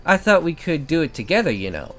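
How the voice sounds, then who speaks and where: A woman voicing a bubbly, chatty teenage schoolgirl roommate, reading game dialogue aloud with fast, gushing delivery. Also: sits low, faint music behind. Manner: talks fast, gushing, lively.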